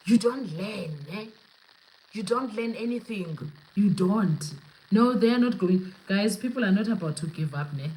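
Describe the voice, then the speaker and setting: Woman, South African accent, podcast host, casual live chat, animated, slightly low voice. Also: a little hiss or hum, rough recording. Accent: South African, mixing in Zulu. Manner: animated, chatty, code-switching, laughing often. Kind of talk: casual live-stream commentary.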